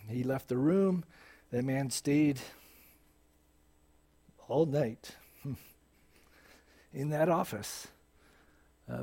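A man's voice: on the high side, a little mellow. A man preaching a sermon, telling a story and acting out the dialogue with animation.

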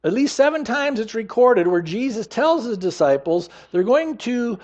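Emphatic high-voiced male preacher. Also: very animated, darkish tone, lo-fi sound. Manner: emphatic preaching, slows down to stress scripture lines. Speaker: pastor. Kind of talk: sermon.

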